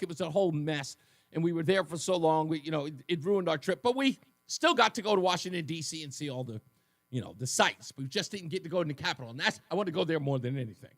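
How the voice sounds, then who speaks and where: A man in his fifties hosts a talk radio show, telling personal stories in a high, lively voice that leaps up and down. He slips in sarcastic asides. The studio sound is dry and close. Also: dry recording. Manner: animated storytelling with sarcastic asides. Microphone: studio microphone.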